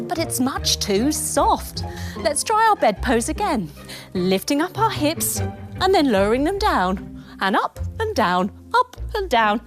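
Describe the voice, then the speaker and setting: A woman in her thirties leading a children's yoga lesson as a told story, animated and soothing with a sing-song delivery. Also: on the high side. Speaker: kids yoga instructor.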